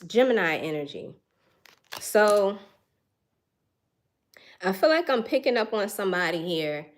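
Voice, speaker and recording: A young woman giving an intuitive tarot reading, musing and searching for words with frequent sighs, earnest and emotional. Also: medium pitch. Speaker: tarot reader.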